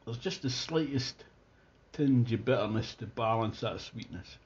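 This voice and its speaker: Scottish man, mid-pitched voice, chatty beer review, enthusiastic, slightly muffled sound. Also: a little slow. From Scotland. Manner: chatty and enthusiastic, thinking aloud with restarts. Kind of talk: casual tasting review.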